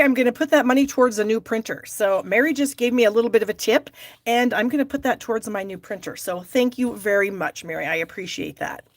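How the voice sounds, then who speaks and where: Chatty woman hosting a live craft stream. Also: medium pitch. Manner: chatty, reading viewer comments aloud and laughing often. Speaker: stamping demonstrator hosting a live class. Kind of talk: casual live-stream chat.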